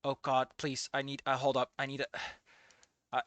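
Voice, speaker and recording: A streamer reacting to a fan comic in casual live commentary, excitable and swearing, jumping between shouted outbursts and low muttering. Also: measured pace, pauses often, no echo.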